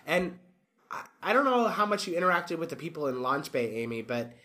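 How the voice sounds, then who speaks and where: A podcast co-host in casual chat, rambling and animated, full of fillers. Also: mid-range voice, a little fast.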